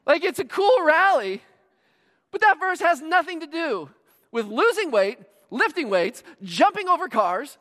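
A high-pitched male pastor delivers a sermon in a large church auditorium. His storytelling is animated, sinking to near hushes and rising to shouts. The hall gives his voice a long, lingering reverb. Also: measured pace. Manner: animated storytelling, dramatic swings from quiet to shouting.

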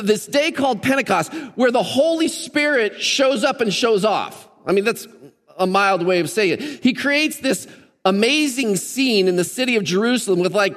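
A man in his fifties preaches as lead pastor, keeping things chatty and full of jokes and fillers. His voice sits high for a man. The sound rings with the long reverb of a church hall. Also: fairly bright tone. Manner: chatty, joking, with many fillers. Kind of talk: casual sermon. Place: church auditorium.

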